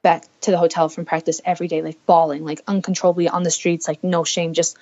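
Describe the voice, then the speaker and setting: As a podcast guest, an American woman in her twenties candidly shares her personal story, earnestly speaking her past thoughts out loud. Her lowish, dark-toned voice moves little in pitch, she talks fast, and the recording is lo-fi.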